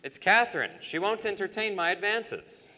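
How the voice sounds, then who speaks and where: A young man playing a blustering, scheming saloon boss barks orders in a bright, lively voice. His lines ring with long reverb through a church hall during a live school play. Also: high-pitched, moderate pace. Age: teens. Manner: blustering and commanding. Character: scheming bossy male saloon owner. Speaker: student actor. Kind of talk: live stage acting. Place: church stage.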